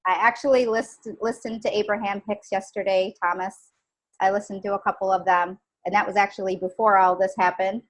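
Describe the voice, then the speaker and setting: A young adult woman telling a personal story in a halting, casual way, with many pauses and fillers. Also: medium pitch, flat delivery, low-quality recording. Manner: halting, many ums and restarts. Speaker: guest sharing a story.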